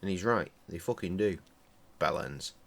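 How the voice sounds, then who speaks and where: Deep-voiced, sweary streamer. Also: male voice, expressive, normal speed, vocal fry. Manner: chatty, sweary, joking. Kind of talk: casual live-stream commentary.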